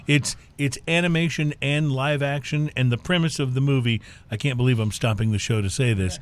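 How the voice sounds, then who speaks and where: A man hosts a relaxed podcast chat, easily sidetracked into tangents. He talks in loose, friendly sentences and thanks his guest warmly. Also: medium pitch, a little fast. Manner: chatty, goes off on tangents. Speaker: host. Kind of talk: casual interview.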